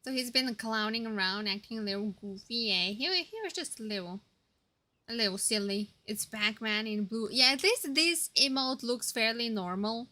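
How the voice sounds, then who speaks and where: Bright, giggly young woman streamer. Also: a little high, animated, moderate pace. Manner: giggly and playful, reacting to chat. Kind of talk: casual live-stream commentary.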